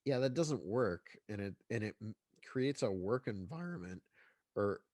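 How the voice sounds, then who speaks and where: A man's voice: on the low side, expressive, a little slow, darkish tone, no echo, studio quality. A man talking as a guest in a casual interview, congested, rambling along with many restarts and fillers. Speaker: guest filmmaker.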